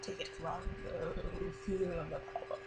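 A woman's voice: fairly low pitch, little pitch movement, a little slow, over loud music, rough recording. A woman voicing a scheming elderly female cartoon villain, hammy and cackling. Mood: gloating.

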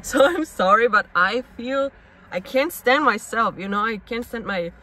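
Woman vlogging to camera, bright sharp voice, restless, keeps firing questions at herself. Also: on the high side, lively intonation, moderate pace, low-quality recording. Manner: searching, restless, asks herself many questions. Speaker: actress and vlogger. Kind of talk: personal confessional vlog.

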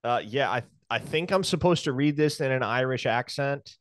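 A man's voice: mid-range voice, normal speed, dry recording. A man co-hosting a sports podcast, talking casually with wry humor. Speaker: podcast co-host. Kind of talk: casual sports chat and ad reads.

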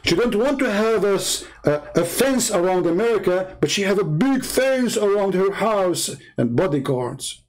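Combative Arabic-accented man, higher voice. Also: expressive, normal speed, low-quality recording. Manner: combative, mocking, name-calling. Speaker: online commentator. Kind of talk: heated political monologue.

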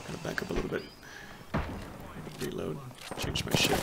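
A man giving excitable, panicky live commentary on his own gameplay, muttering to himself between outbursts. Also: mid-range voice, a little slow, pauses often, very noisy. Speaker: gameplay streamer. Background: loud gunfire from the game.

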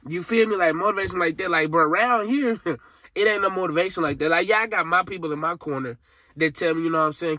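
A man's voice: fairly high pitch, fast talker, pushed and bright, no echo, studio quality. Tearful young man venting. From Alabama, USA. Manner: frustrated, rambling, profane, slangy. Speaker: vlogger. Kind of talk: emotional vent to camera.

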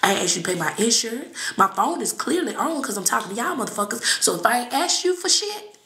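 A woman reading and chatting on a live stream, blunt and profane, with sudden shouts and laughs. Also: on the high side, sing-song, quick pace, echoey room. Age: adult with children. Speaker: psychic reader on a live stream. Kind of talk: casual live-stream talk.

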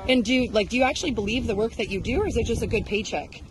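A woman in her thirties confronting a news crew outdoors at a protest, accusing them with rapid rhetorical questions. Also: fairly high pitch, noisy background. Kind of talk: heated street confrontation.

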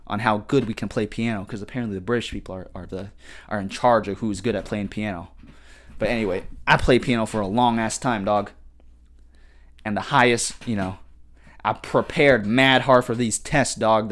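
A young man hosting a podcast, ranting in a casual, slangy, profane way and telling a story, with "dog" and "bruh" at the ends of many sentences. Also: on the low side. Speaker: podcast host. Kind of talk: casual solo podcast rant. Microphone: podcast microphone.

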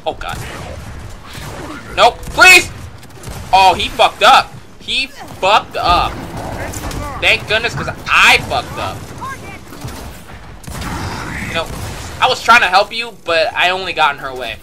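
A man giving live gameplay commentary, excitable and profane, muttering one moment and shouting the next. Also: sits high, measured pace, pauses often, noisy background.

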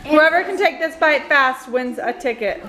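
A woman's voice: high voice, animated, normal speed, echoey room, crowd noise, rough recording. A young woman vlogging casually at home, chatty and giggly, with lots of filler words. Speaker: family vlogger. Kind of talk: casual family vlog. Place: busy family home with children.

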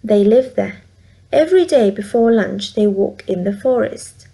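A woman with a Vietnamese accent reading a children's story aloud in slow, clear, simple sentences. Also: mid-range voice, expressive, mellow.

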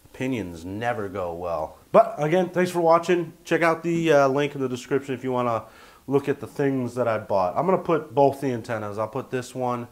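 A man's voice: mid-range voice, expressive, normal speed. A man chatting casually to camera as a vlogger from his tiny house, rambling and jokey with lots of fillers.

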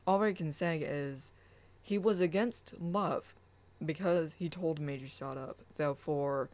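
A spiritual channel host talking slowly and earnestly, mixing a casual rant with reading aloud their own writing in a chant-like way. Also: mid-range voice, darkish tone, poor audio. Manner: slow, earnest, chant-like affirmations.

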